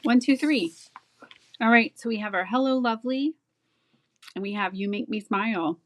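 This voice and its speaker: Here a woman with a slightly high voice walks viewers through making a greeting card, talking at normal speed and with plenty of enthusiasm as she works by hand. The recording quality is low, and the tone is that of a casual craft tutorial.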